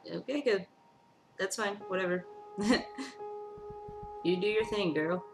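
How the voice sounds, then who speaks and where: A woman's voice: medium pitch, takes it slowly, over music. A woman gamer doing let's play commentary, reacting emotionally with frequent exclamations and reading the game's text aloud.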